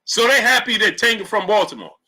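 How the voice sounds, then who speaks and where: High, bright New York man riffing. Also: brisk, poor audio. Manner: animated, talks straight to chat, reads comments aloud. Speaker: sports show host. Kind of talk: casual live-stream commentary.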